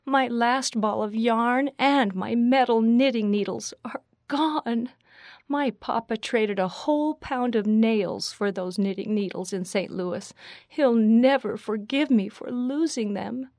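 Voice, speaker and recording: A woman doing an upset pioneer girl, high and pleading. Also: takes it slowly, darkish tone, no room sound, clean studio sound. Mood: distressed. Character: anxious young pioneer girl, emotional.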